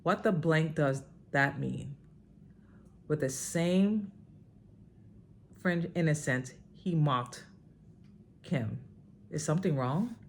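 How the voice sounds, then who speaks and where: Low-voiced woman reading dramatically. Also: slow pace, pauses often, slight background noise. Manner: emphatic, with sudden high outbursts. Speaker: vlogger reading a book aloud.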